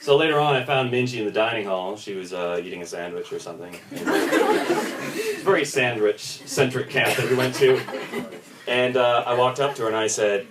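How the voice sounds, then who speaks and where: A young man doing stand-up, his voice swinging up and down as he acts out the people in his stories. He is heard from a distance on a phone recording in an echoing pub room, with steady noise behind him. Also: mid-range voice. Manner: animated storytelling, acts out others' voices in quick bits. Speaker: stand-up comedian. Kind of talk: stand-up comedy set. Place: small pub comedy room with audience laughter. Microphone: phone recording from the audience.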